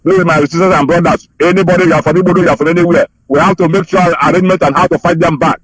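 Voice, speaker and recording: A man's voice: fairly high pitch, steady tone, rapid-fire, husky, no room sound, low-quality recording. A man calling in to a radio show, speaking with urgent, fervent repetition. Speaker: caller. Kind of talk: phoned-in radio appeal.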